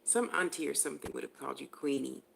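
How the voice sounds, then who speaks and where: A woman's voice: a bass voice, fast, creaky, fairly bright tone, a little hiss or hum. Chatty woman giving a live psychic reading. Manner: chatty, giggly, addresses viewers by name. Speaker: spiritual reader.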